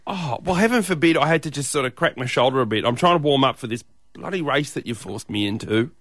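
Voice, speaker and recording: A man's voice: medium pitch, expressive, quick pace, a bit bright, no echo, studio quality. An Australian man co-hosting a breakfast radio show, clowning around with playful jokes. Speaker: radio co-host.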